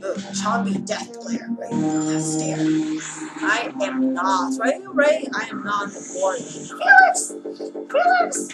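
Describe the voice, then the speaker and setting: A woman hosting a reaction video in casual commentary, excitable and gushing, shrieking over her favorite. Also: mid-range voice, takes it slowly, rough recording. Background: loud trailer music.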